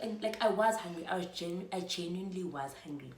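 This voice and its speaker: A woman's voice: fairly low pitch, fast talker, hardly any pauses, darkish tone. A South African woman in her twenties telling a storytime vlog, chatty and full of fillers. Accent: South African, mixing in Zulu. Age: 20s. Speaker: vlogger. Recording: roomy echo, faint room noise.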